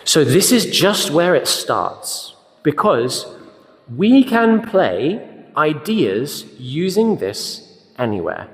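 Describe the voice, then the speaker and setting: A man teaching a group music lesson, now and then singing notes and syllables in a high voice. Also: very animated, slow pace, reverberant, in a large hall. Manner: sings note names and syllables in a high voice.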